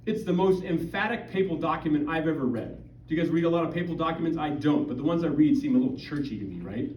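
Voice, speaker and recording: A middle-aged man from Montana gives an emphatic, conversational talk at a parish and keeps firing rhetorical questions at the crowd. His voice sits a little high for a man. It comes from some distance off the mic, with a roomy echo and a dull, muffled sound. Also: fast, darkish tone, a little hiss or hum. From Montana, USA. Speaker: guest speaker at a parish. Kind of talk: public talk to a church audience. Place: parish hall or church.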